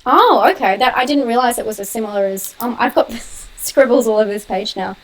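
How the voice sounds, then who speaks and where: A young woman hosting a casual live-stream Q&A on her horror channel. She talks quickly, laughs often and answers viewers' comments. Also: on the high side, low-quality recording.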